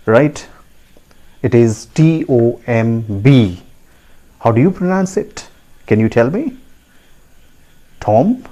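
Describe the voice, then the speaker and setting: A man teaches word pronunciation in a slow, measured way. His voice is mellow and unhurried, and he repeats each word and checks in with his listeners. He speaks at an ordinary middle pitch. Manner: slow, deliberate, repeats words and asks learners to repeat; frequent rising tag questions to the audience. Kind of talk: classroom lesson to camera.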